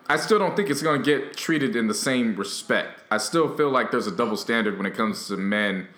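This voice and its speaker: A man co-hosting a podcast in casual chat, laying out his opinions with steady reasoning. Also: on the low side, roomy sound. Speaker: podcast co-host.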